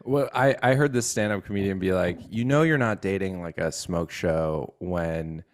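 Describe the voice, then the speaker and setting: A man's voice: low voice, moderate pace, dry recording, clean studio sound. A man co-hosting a casual podcast chat, telling stories and acting out the voices of the people in them. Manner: animated storyteller who acts out quoted voices. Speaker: podcast co-host.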